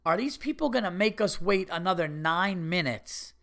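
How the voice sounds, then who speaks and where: A man telling a story on his podcast in a loose, conversational way. He curses freely, and his voice swings up into sharp, indignant outbursts before dropping back to an easy, chatty tone. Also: high voice, moderate pace, vocal fry. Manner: animated, swearing, rising to indignant bursts. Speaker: podcast host. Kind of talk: casual storytelling monologue.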